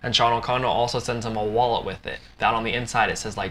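A man's voice: fairly low pitch, steady tone, fast talker, bright, forceful tone, slight background noise. A young adult man hosting a podcast, retelling a film plot in a loose, rambling way full of "like". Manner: loose and rambling, heavy use of "like". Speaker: podcast host.

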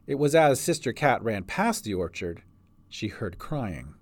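Lively male storybook narrator. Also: on the low side, a little slow, no echo. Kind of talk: audiobook narration.

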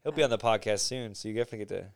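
A man with a smooth, resonant voice hosts a casual podcast chat. He restarts his sentences before getting to his point, then reacts quickly to the others. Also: lowish voice, dry recording, studio quality. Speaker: podcast host.

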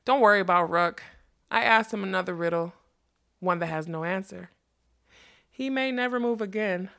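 A tall, boastful male magician declaims his lines with a grand, ringing manner, voiced by a woman reading a storybook. He sounds louder and more theatrical than the narration around him. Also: mid-range voice, normal speed, creaky. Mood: reassuring.

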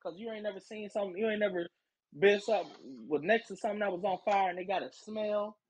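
A woman's voice: mid-range voice, quick pace, husky, low-quality recording. A woman podcast host in casual chat, telling a story with lots of swearing and acting out what people said. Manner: animated, profane, acts out quoted voices.

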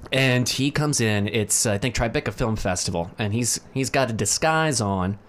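A man telling stories in a casual podcast chat, animated, with many fillers and restarts. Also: medium pitch, normal speed, a little hiss or hum.

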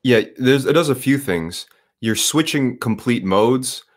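A man in his thirties in casual conversation, laid-back and halting, swearing often. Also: mid-range voice, animated.

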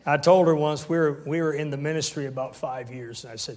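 A man's voice: on the high side, fairly quick, few pauses, darkish tone. A man in his sixties preaching a sermon with call-and-response and humorous asides. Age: 60s. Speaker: pastor.

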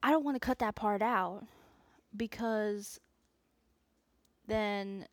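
The host of this solo podcast is a woman with a medium-pitched voice who speaks slowly in a dry recording. Her unscripted chat rambles, self-aware and full of asides and restarts.

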